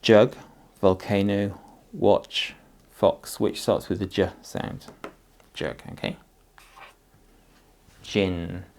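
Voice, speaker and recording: A man teaching a phonics lesson to parents, speaking slowly and patiently as he sounds out words and syllables. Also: on the low side, fairly even intonation, creaky, darkish tone.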